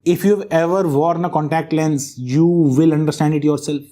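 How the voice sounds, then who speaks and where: A man's voice: on the high side, fairly even intonation, normal speed, dark tone. A man giving a medical lecture, stressing key terms and often checking in with his students. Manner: emphatic, keeps checking in with the class. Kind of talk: classroom lecture.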